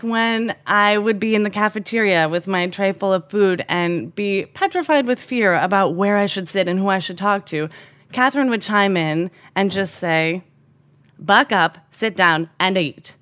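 A woman in her thirties tells a personal story. She sounds animated and self-deprecating, with a loose, conversational rhythm and an ordinary middle pitch. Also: clear, resonant tone.

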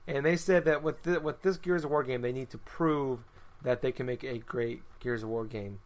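A man's voice: medium pitch, normal speed. A man hosting a casual gaming chat, rambling with lots of fillers and restarts. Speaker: podcast host.

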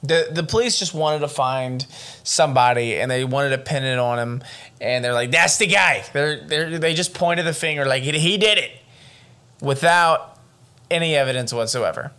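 Man, podcast co-host, casual true-crime chat, excitable and profane, mid-pitched voice. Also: moderate pace, smooth. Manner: animated, profane, excitable storytelling.

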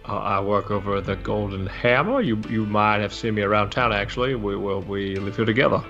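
Man, tabletop player, halting with "uh"s, lowish voice, dull lo-fi sound. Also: a bit bright, faint music behind. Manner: hesitant, many "uh"s. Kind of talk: casual role-play chat. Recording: dull lo-fi recording.

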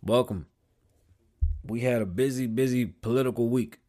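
A man hosting his own podcast from a small studio, talking casually, swearing often and getting loud and animated when he tells a story. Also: mid-range voice, normal speed. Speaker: podcast host. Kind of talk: casual solo podcast talk.

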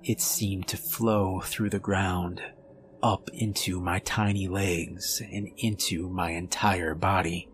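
A man reads a horror story aloud in a measured, calm way. His voice sits on the low side, and his delivery is unhurried. A faint hiss runs under the recording. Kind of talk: scripted horror story narration.

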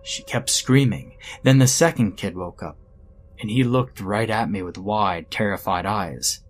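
Low-voiced man narrating a horror story. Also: a little slow, slight background noise. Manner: dramatic first-person storytelling.

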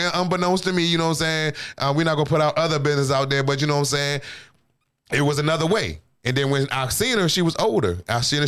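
A man's voice: fairly high pitch, a bit bright, smooth. A man in his thirties, a podcast host, chatting casually and with a lot of swearing as he tells a rambling personal story. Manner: rambling storyteller, often asks "you know what I'm saying". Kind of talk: casual profane chat.

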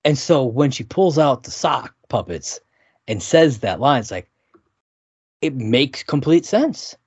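A man co-hosting a casual podcast, recapping scenes with enthusiasm and laughing often. His voice is a middle pitch, recorded dry with no room sound. The sound is slightly dull and lo-fi. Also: very animated, slow, darkish tone, husky, no echo. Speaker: podcast co-host. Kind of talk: casual chat.

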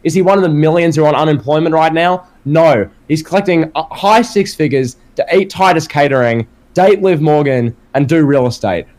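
A man's voice: fairly high pitch, a little fast, hardly any pauses, darkish tone. An Australian man hosting a casual wrestling podcast, firing off rhetorical questions with a sarcastic edge. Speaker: podcast host.

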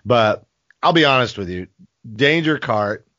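A man's voice: medium pitch, expressive, unhurried, pushed and bright, no echo, lo-fi sound. A man co-hosting a sports podcast, talking bluntly and with frustration, swearing casually. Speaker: podcast co-host.

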